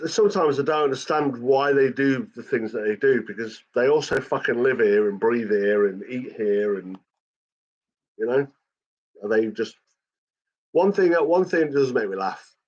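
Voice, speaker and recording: A man ranting in a casual chat, swearing constantly as he talks. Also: medium pitch. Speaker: channel host. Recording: dull lo-fi recording.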